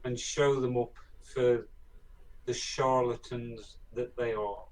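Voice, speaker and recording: A man's voice: medium pitch, fairly even intonation, slow pace. A man as a guest in a casual chat, agreeable, giving brief replies. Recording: distant from the mic.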